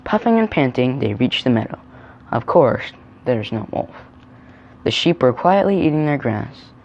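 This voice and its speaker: A man reading a children's picture book aloud, adding gentle chatty comments about the pictures. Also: mid-range voice, very animated, unhurried, lo-fi sound. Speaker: storyteller.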